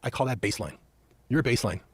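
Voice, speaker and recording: A man's voice: mid-range voice, animated, racing, breathy edge, no room sound. A middle-aged man telling stories animatedly and emphatically as a podcast guest on a studio mic. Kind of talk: storytelling conversation.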